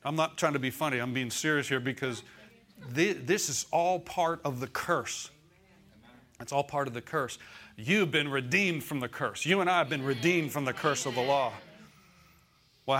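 A man's voice: medium pitch, bright, forceful tone. A male pastor preaching a sermon in a conversational, folksy way. He often checks in with the congregation for an "amen" and repeats phrases for emphasis.

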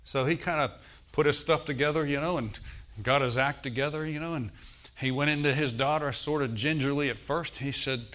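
A man's voice: a little high, fairly even intonation, a little fast, a bit bright. A man preaching a sermon as pastor. He tells stories, acts out the voices in them and calls for amens from the congregation. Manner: storytelling preacher who acts out quoted voices.

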